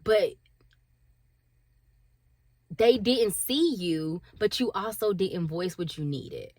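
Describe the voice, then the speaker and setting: A woman's voice: medium pitch, expressive, slow, a little mellow, no echo. A woman in her thirties, a stay-at-home mom, talking candidly and emotionally to camera, laughing at herself and acting out her inner voices. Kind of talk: candid confessional talk to camera.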